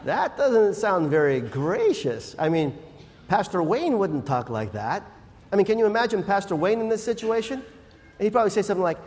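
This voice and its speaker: A man preaching a sermon, telling Bible stories in a lively, conversational way and acting out the people in them. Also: sits high, moderate pace, a little hiss or hum. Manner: animated storyteller acting out Bible scenes. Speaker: pastor. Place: church. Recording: reverberant church hall.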